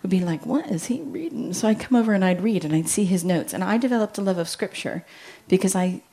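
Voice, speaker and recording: A middle-aged woman from the United States speaks to a room of parents in an easy, chatty way. She tells stories and slips into the voices of the people she quotes, keeping her own voice at a medium pitch. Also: fast talker. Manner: chatty, animated storytelling with acted-out quotes. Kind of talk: talk to parents.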